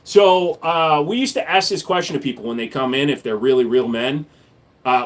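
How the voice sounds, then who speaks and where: A man with a mid-range voice speaks at a moderate pace while hosting a casual livestream. He reads viewer comments aloud and answers with blunt, profane jokes, bantering with the chat.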